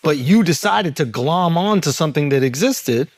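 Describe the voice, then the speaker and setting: A man's voice: on the high side, expressive, normal speed, dry recording, clean studio sound. A man from the United States, a comedian talking bluntly and with profanity in a casual podcast chat.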